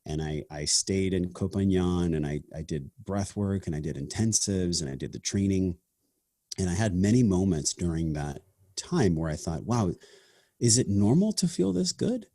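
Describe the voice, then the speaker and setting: His voice sits low and mellow, moving at a moderate pace in clean studio quality without any room sound. Hosting a podcast, this half-Sicilian man talks casually, reflectively and earnestly, saying "man" and "like" a lot.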